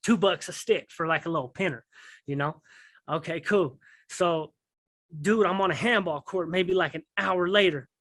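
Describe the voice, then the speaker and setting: Here a guest tells a meandering story of life in prison using casual street slang, asking his listener "you know what I mean" again and again. He sounds high-pitched and a bit bright, speaking at normal speed on a dry recording.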